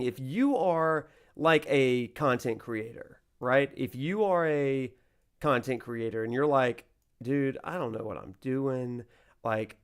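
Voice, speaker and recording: Giggly self-mocking male streamer. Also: medium pitch. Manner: animated, laughing, self-deprecating. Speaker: streamer and college professor. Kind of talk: casual stream chat.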